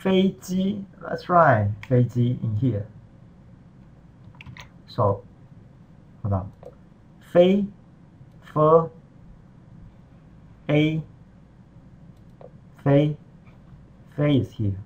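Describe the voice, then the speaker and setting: A man's voice: a little high, big pitch swings, very slow, pauses often, muffled recording. A man teaching Mandarin in a patient, step-by-step tutorial, walking through the screen in simple, non-native English. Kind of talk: screen-recorded tutorial lesson.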